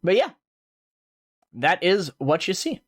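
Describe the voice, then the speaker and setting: A man's voice: high voice, sing-song, takes it slowly. A man narrating and running a tabletop fantasy game as game master, in a casual way with many fillers.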